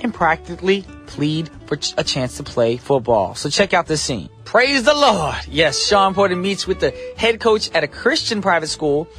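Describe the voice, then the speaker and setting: A man's voice: fairly high pitch, expressive, moderate pace, hardly any pauses, a bit bright, soft background music. A young man hosting a morning radio show in a studio, chatty and joking as he talks to listeners.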